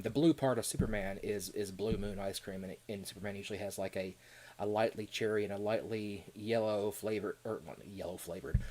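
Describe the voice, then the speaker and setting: Man, Kentucky accent, low-ish voice, rambling live-stream chat, laughs a lot. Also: darkish tone. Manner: rambling, chatty, laughs often, fillers. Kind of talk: casual live chat answering viewers.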